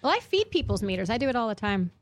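A young adult woman in casual chat, telling a story with lots of halting restarts. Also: medium pitch, sing-song.

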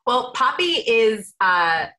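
A woman's voice: on the high side, big pitch swings, slow, pushed and bright. A woman co-hosting a podcast, asking a guest questions in an upbeat, chatty way. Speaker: podcast co-host, interviewer. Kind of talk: interview questions.

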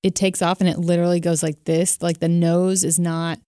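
Chatty woman with a lowish voice. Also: flat delivery, normal speed, dark tone, no echo, studio quality. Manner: chatty, giggly. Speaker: podcast co-host. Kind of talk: casual chat. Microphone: studio podcast mic.

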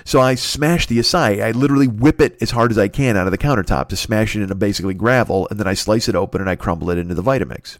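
A man's voice: lowish voice, fast, hardly any pauses, no room sound, clean studio sound. Profane, rambling man telling a story. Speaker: podcast host. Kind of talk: casual storytelling monologue.

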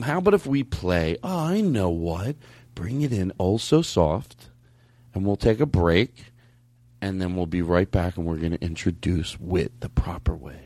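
A man hosting a podcast, excitable and rambling, often stopping and restarting. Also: lowish voice, breathy edge, no room sound. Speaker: podcast host. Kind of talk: casual podcast chat.

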